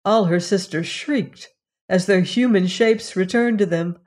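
A woman narrating a fairy tale in a measured, solemn storytelling manner. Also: mid-range voice, darkish tone. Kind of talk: storybook reading.

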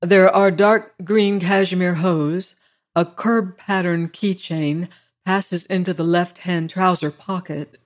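A reader voicing a deferential male butler who speaks in a measured, exact and formal way. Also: mid-range voice, fairly even intonation, close to an everyday voice.

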